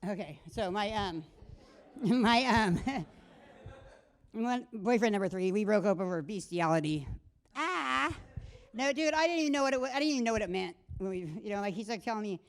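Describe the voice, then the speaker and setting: A woman's voice: medium pitch, expressive, normal speed. A middle-aged woman doing a stand-up set in a comedy club, rambling and crude, breaking off mid-sentence and laughing at her own jokes. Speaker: stand-up comic.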